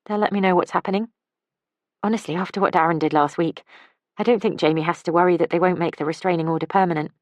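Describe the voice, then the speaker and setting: A woman voicing an earnest, warm-hearted young woman who speaks insistently. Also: lowish voice, fairly even intonation, fast talker, dry recording, pitched above the performer's own voice, natural voice.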